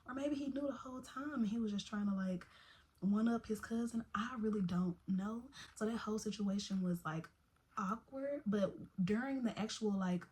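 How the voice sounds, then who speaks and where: A young woman telling a personal story in a casual, animated vlog style, full of slang and asides. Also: medium pitch, normal speed, a little hiss or hum. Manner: chatty, animated, Southern-tinged slang like "baby" and "y'all".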